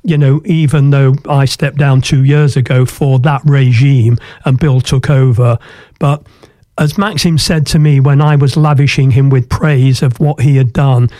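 An older Englishman tells his story earnestly, pausing on ums and restarting his sentences. His voice is dark and mellow. It is recorded dry and close. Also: medium pitch, fairly even intonation, dry recording. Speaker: guest, former football club chairman. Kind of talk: radio interview storytelling.

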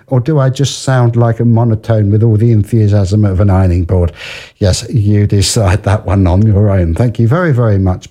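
A man presents a small radio show, musing aloud and teasing his listeners with dry, self-mocking jokes. His voice sits low and mellow, and he keeps circling back on his own words. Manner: rambling, dry, jokey, many restarts and fillers. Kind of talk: self-deprecating radio patter.

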